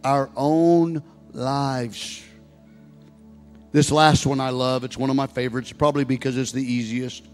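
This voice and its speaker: Sixties pastor preaching in a reverberant hall. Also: male voice, mid-range voice, little pitch movement, fast, hardly any pauses. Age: 60s. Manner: preaching, rising to loud exhorting. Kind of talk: sermon. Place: church sanctuary. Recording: long reverb of a large hall with music.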